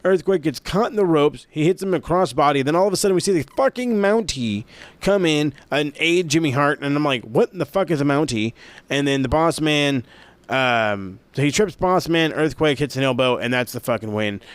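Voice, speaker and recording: This wrestling review host has a fairly high, smooth voice and a moderate pace, recorded dry. He tells the story of an old wrestling show casually and sarcastically, swearing plenty and tossing in asides with animated energy.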